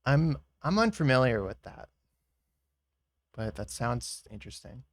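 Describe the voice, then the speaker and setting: A man's voice: mid-range voice, very animated, measured pace, no room sound, clean studio sound. A man streaming while he draws, chatting casually with viewers in a rambling, giggly way.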